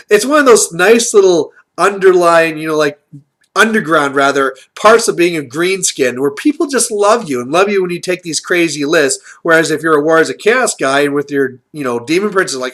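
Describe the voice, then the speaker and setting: Expressive and on the high side, with normal speed and a bit of brightness, this channel host talks through tactics. His strategy commentary is casual and chatty, packed with filler words.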